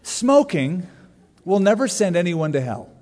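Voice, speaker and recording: Animated male preacher in a reverberant hall. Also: sits high, measured pace. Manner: animated, joking preaching with sudden emphasis. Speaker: pastor. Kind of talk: sermon. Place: large church sanctuary. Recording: long reverb of a large church hall.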